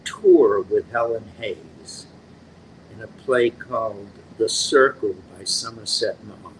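An older man, an actor, slowly telling stories from his career in a casual interview, acting out the voices he quotes. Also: fairly low pitch, a little hiss or hum, low-quality recording. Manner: slow, animated storyteller acting out quotes.

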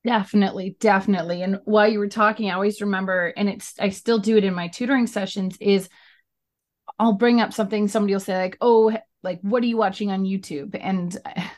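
A woman's voice: mid-range voice, steady tone, fast talker, a little mellow. A woman hosting a podcast interview, chatting and telling anecdotes, acting out small back-and-forth exchanges as she goes. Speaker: podcast host and tutor.

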